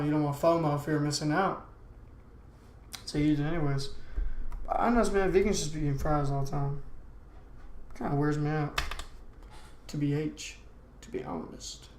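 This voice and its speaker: His voice is a little high. He's a young man from the US hosting a casual solo podcast, rambling in slangy speech heavy on "man" and "dude," recorded in an echoey room with a bit of background noise.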